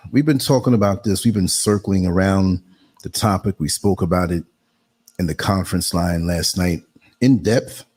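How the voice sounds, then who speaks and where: Husky low-voiced man hosting a live stream. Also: a little mellow, rough recording. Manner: laughs easily, talks to viewers directly; reads text aloud slowly. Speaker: host of a live online talk show. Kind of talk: casual live-stream talk.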